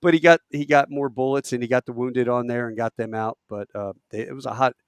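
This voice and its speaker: A man, a podcast guest, telling war stories in a lively way, acting out quotes with halting restarts. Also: mid-range voice, clear, resonant tone, no echo. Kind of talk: animated war storytelling.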